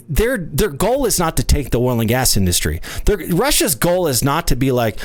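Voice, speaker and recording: A man's voice: mid-range voice, very animated, brisk, few pauses, dry recording. Emphatic man, dry close sound. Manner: emphatic, repetitive, frequent restarts and rhetorical questions. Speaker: oil investment company presenter. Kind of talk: unscripted market commentary.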